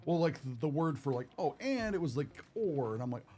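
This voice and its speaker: A man's voice: mid-range voice, fairly quick, dark tone. A young man hosting a card-opening stream, chatting casually and rambling with lots of fillers. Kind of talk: casual chat while opening cards.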